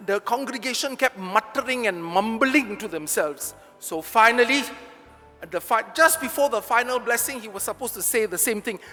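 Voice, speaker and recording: A man's voice: extremely high pitch, pushed and bright, long reverb tail. A priest with a Malaysian English accent, giving a chatty, joking homily straight to his congregation in a large church.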